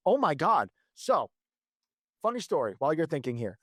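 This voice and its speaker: Man, 30s, podcast co-host, animated storyteller, casual, swearing, higher voice, dry close sound. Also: normal speed, no room sound. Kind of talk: casual chat.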